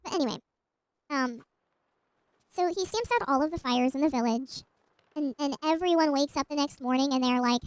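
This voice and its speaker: A woman's voice: high-pitched, moderate pace, pauses often, dry recording, rough recording. A woman streamer casually retelling a myth while gaming, rambling with asides and restarts.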